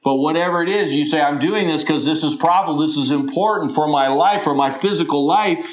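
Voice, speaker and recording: A man's voice: on the high side, lively intonation, fairly quick, hardly any pauses. A middle-aged man preaching a sermon in an earnest, questioning way, often voicing imagined listeners. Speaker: pastor.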